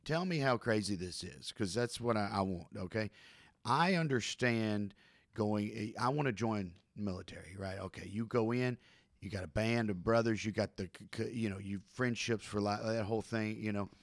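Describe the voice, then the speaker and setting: A man's voice: lowish voice, moderate pace, dry recording, clean studio sound. A middle-aged man hosting a casual discussion, earnest and searching, thinking aloud with restarts.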